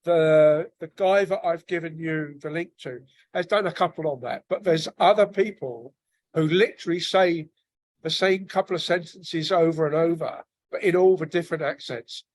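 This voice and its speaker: A man's voice: fairly high pitch, normal speed, a little mellow. A man with a working-class North London accent, chatting casually in a book club discussion, often restarting and searching for words. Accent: working-class North London English.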